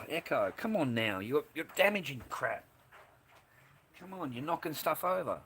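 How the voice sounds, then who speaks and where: A man's voice: fairly high pitch, sing-song, a little slow, a bit bright, a little hiss or hum. An Australian man hosting a casual livestream, rambling and swearing bluntly as he answers his live chat. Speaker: livestream host.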